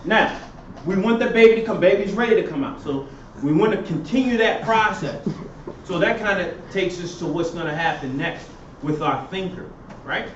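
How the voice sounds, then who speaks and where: A man with a high voice lectures in a classroom and keeps pausing so his students can fill in the answers. He is picked up from a distance by a dull recording. The room is echoey, with faint background noise. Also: expressive. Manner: quizzing students with fill-in questions. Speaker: professor.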